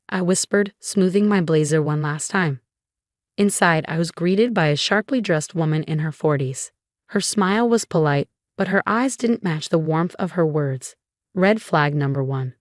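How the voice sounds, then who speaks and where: A woman with a fairly low voice narrates a dramatic first-person story with expressive delivery. The recording is close and dry, with no room sound. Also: moderate pace, dry recording.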